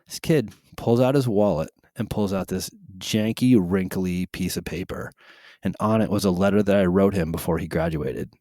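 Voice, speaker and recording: Low-voiced man telling stories on a podcast. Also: normal speed, dry recording, studio quality. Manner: animated storyteller, musing aloud. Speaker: podcast co-host, teacher. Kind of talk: casual podcast chat.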